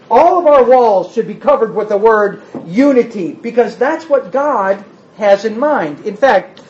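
A man's voice: high voice, a little mellow, muffled recording. A man preaching a sermon, emphatic, firing rhetorical questions at the congregation and answering them himself.

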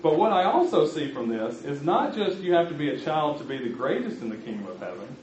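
A man preaches a sermon with a slightly raised pitch and a lively, rising-and-falling delivery. He speaks conversationally, as if chatting with his congregation. The recording is roomy and a little muffled. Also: a little fast, a little hiss or hum. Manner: conversational, addresses the congregation directly.

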